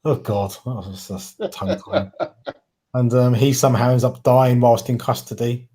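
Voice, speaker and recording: A man with a Cockney accent talks in a loose, rambling way. His mellow, warm voice sits at a middling pitch, and he often trips over a word and backs up to fix it. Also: normal speed, breathy edge. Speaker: podcast co-host. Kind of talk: casual chat.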